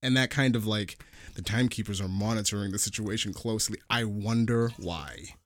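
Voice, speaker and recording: A man's voice: lowish voice, steady tone, fast. A man co-hosting a casual review podcast, skeptical and wry in his asides. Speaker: podcast co-host.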